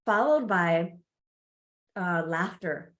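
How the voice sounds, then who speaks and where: A woman podcast guest and coach telling a candid personal story in an animated way, laughing often and acting out her reactions. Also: fairly low pitch, slow.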